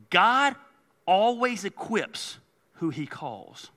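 A man preaching with a high, very bright voice, lively and jokey, acting out conversations and swinging from loud outbursts to near-quiet asides. The sound carries a long hall reverb, as in a big church auditorium. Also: extremely slow, long pauses. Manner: animated, jokey, acts out dialogue in big swings of loudness. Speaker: pastor. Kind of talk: sermon.

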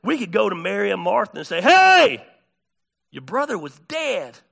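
A man preaching a sermon, telling stories with big swings between hushed and shouted delivery. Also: high-pitched, sing-song, brisk, gravelly. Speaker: pastor.

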